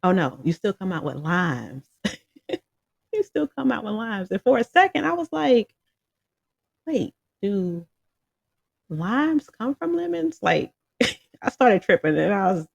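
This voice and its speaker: A casual music reviewer rambles through thoughts on a song, full of fillers, laughs and direct asides to the audience. The voice sits at an ordinary middle pitch. It is recorded close and dry, with no room sound. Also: unhurried, creaky, no room sound. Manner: rambling and animated, with many fillers and frequent laughs; talks straight to viewers.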